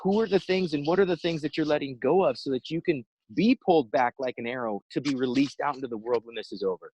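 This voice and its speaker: A man giving an inspirational talk over a video call, telling a story with lively acted-out quotes. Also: medium pitch, fast talker, slightly rough, poor audio. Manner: animated storyteller, acts out quotes. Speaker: inspirational speaker.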